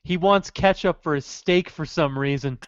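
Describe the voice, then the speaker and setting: A podcast co-host chatting casually on a live stream, quick with playful jokes. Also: mid-range voice, highs cut off, a little hiss or hum.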